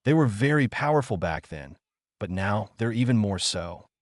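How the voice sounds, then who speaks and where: A man's voice: lowish voice, lively intonation, normal speed, dry recording, studio quality, close to an everyday voice. A man voicing a serious teenage boy ninja who lectures bluntly, in a storybook reading. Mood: stern.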